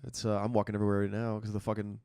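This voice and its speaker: A man hosting a podcast in casual chat, relaxed and full of fillers, swearing freely, close to the mic. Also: on the low side, rapid-fire, clear, resonant tone, dry recording. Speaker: podcast host.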